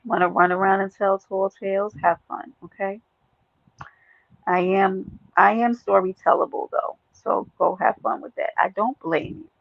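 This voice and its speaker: A woman with a Brooklyn New York accent hosting a casual livestream chat, brash, profane and animated, laughing often. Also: medium pitch, unhurried, vocal fry, no room sound, highs cut off. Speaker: livestream host.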